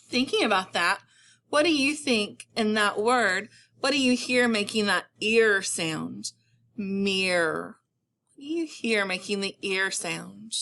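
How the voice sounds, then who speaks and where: Slow, patient woman teaching phonics. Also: medium pitch, sharp tone. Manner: patient, stretches words out slowly. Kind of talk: phonics lesson to students.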